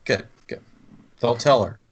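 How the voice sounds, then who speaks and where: A man's voice: unhurried, background noise. Man in his thirties, podcast co-host, rambling casual storyteller, lots of fillers. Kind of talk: casual trip-story chat.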